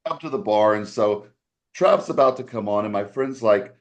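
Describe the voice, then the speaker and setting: Low-voiced man telling a rambling story. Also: normal speed, highs cut off. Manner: animated, acts out quoted voices with raised pitch; rambling with frequent restarts. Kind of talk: casual podcast storytelling.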